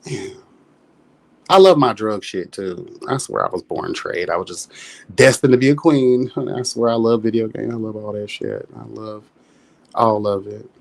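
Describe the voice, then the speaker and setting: A man's voice: fairly low pitch, moderate pace, gravelly. A man co-hosting a casual livestream chat, sassy and playful, calling people child and honey. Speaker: livestream co-host. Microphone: streaming mic.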